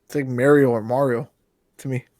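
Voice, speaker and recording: Male podcast co-host, quick jokey interjections, dry mic. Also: mid-range voice, fairly even intonation, a little mellow, no echo. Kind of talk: casual podcast chat.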